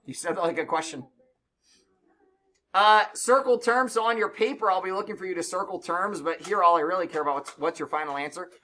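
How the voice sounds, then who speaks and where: Male math teacher, classroom lesson, brisk and encouraging with a joking streak. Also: sits high, bright, forceful tone. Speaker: middle school math teacher.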